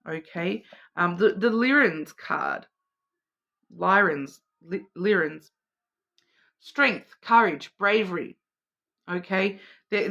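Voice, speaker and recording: A woman's voice: low voice, a bit bright. A woman giving a casual, rambling intuitive card reading, often repeating and restarting her words. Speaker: tarot and oracle card reader.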